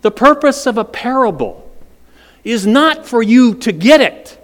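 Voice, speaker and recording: A man's voice: very high-pitched, very animated, a little slow, big-room sound. A man preaching a sermon, dramatic and questioning the congregation directly. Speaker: pastor.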